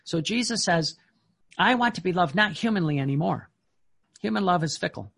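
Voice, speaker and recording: A man preaching a sermon, reading devotional passages slowly and breaking into emphatic, excited commentary. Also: high voice, vocal fry, breathy edge. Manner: emphatic, swings from slow reading to excited outbursts.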